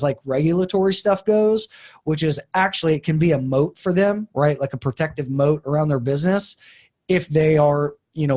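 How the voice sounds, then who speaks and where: A man's voice: a little high, darkish tone. A man giving a casual, enthusiastic webinar talk on crypto investing, chatty and full of fillers.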